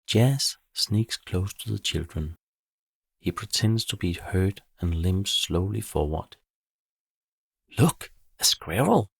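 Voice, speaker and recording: A man calmly narrating a bedtime story for children in a measured way. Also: low-pitched, vocal fry, slightly rough, no room sound, clean studio sound.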